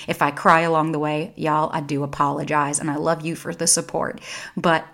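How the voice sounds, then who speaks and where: Candid woman podcaster, low-pitched voice. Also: little pitch movement, normal speed, creaky, fairly bright tone. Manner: candid, casual, swears freely, emotional. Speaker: podcast host. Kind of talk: solo podcast monologue.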